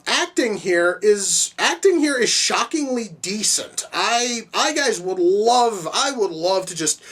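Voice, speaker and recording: Rambling, cursing woman reviewer, distant mic. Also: medium pitch. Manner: profane, rambling with many restarts and fillers. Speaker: film reviewer. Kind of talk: casual video review.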